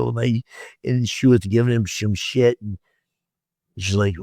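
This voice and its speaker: Man, low voice, podcast guest, casual storytelling, stammering, acts out quotes, swears a lot, dry sound. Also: steady tone, measured pace, darkish tone, dry recording. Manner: rambling, stammers and repeats, acts out quoted dialogue with frequent swearing.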